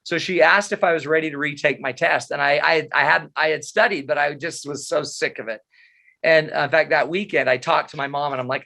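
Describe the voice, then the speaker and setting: A man's voice: a little high, vocal fry, pushed and bright. A middle-aged man giving a webinar talk on psychology, telling stories with humor and animation. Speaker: presenter.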